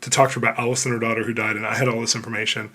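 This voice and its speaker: A man telling a personal story as a podcast guest, in an animated way. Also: mid-range voice, very fast. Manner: animated, acts out quoted voices. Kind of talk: storytelling in conversation.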